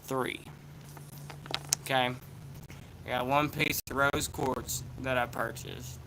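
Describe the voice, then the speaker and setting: A man's voice: medium pitch, little pitch movement, slow, gravelly, noisy background. A man with an Appalachian accent chatting in a laid-back, rambling, slangy way as a vlog host. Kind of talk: casual chat vlog.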